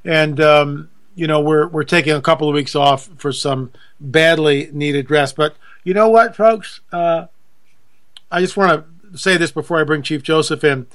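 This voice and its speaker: A man's voice: on the high side, moderate pace, fairly bright tone. Folksy, chatty male radio host. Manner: chatty, self-deprecating, folksy. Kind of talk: casual radio talk.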